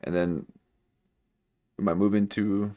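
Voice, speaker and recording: Slow-talking deadpan man. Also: fairly low pitch, no echo. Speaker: podcast host. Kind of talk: casual livestream chat.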